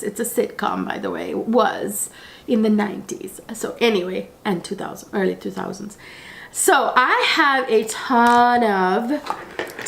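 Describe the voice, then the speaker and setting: Husky woman vlogger with a cold, slow. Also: a little high, a bit bright. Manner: chatty and rambling, with frequent fillers. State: hoarse from a cold. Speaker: beauty vlogger. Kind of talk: casual chat to camera.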